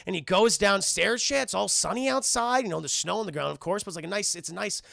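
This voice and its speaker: An animated male streamer retelling a film scene by scene to his live chat, swearing freely. His voice sits high, with a heavy creaky fry and a bright edge, recorded close and dry. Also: fast, no room sound. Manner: animated, profane, keeps addressing chat.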